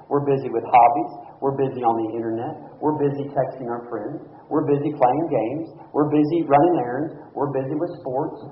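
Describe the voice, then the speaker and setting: Earnest preacher. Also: male voice, on the high side. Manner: earnest, rises to emphatic peaks. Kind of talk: sermon. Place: church building. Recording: echoey, phone-like thin sound.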